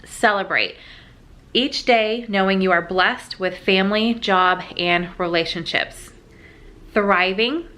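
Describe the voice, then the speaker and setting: Bright-voiced emotional woman vlogger. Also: mid-range voice. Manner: emotional, heartfelt, halting. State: tearful. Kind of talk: sit-down chat.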